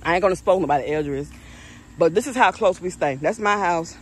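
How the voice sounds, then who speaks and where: With slight background noise behind her, a mother speaks briskly in a fairly low voice during a casual street vlog in her neighborhood. She chats animatedly, using slang, while someone else records on a phone.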